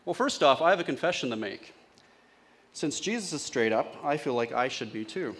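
A man's voice: mid-range voice, expressive, fairly quick, fairly bright tone. A male pastor giving a sermon in a casual, conversational way, often asking his congregation questions.

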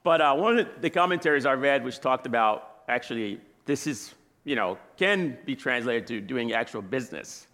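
A man's voice: mid-range voice, expressive, moderate pace, few pauses, fairly bright tone. Thirties man, laid-back guest preacher, chatty storyteller, easy mid-range voice, laughs as he goes. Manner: casual, chatty, laughs while telling stories. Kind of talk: sermon with personal stories. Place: church sanctuary.

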